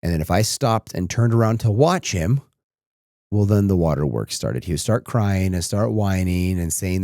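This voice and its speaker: An expressive man in his thirties, speaking at normal speed in a low, darkish voice, hosts a podcast with clean, echo-free studio sound. Reflecting on a personal story, he becomes emotional and tearful.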